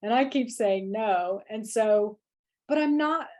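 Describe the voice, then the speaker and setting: A woman's voice: medium pitch, takes it slowly, a little mellow. A woman in her forties, a podcast guest, telling a personal story in candid conversation and acting out her own inner voice. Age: 40s.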